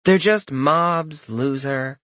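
A man voicing a bored, sarcastic young female mage who drawls her lines slowly. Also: a little high, animated, bright, forceful tone, no echo, pitched above the performer's own voice, full character voice. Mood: drawling.

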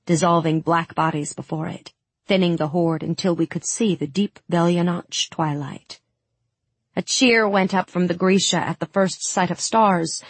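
Low husky woman narrating urgently. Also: no echo. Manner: urgent, tense storytelling with sudden shouted lines. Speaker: audiobook narrator. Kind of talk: scripted first-person narration.

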